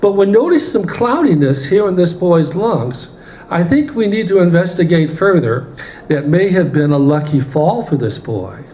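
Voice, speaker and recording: A man voicing a calm, matter-of-fact male doctor. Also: high voice, moderate pace, slight background noise. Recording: roomy church hall, faint ambience.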